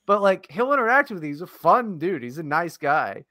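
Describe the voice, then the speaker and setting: A man co-hosting a podcast, chatting loosely with plenty of swearing and laughter. His voice sits fairly high and bright, and it swings widely in pitch. The recording is dry and close. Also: big pitch swings, no room sound. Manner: rambling, profane, quick to laugh. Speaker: podcast co-host. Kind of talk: casual podcast banter.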